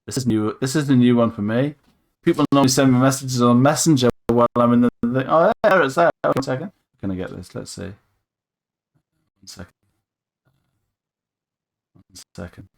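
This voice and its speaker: Male podcast host, middle pitch, easygoing and chatty on a video call. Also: normal speed, vocal fry, long pauses. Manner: chatty, thinks aloud while using software. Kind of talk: casual interview chat.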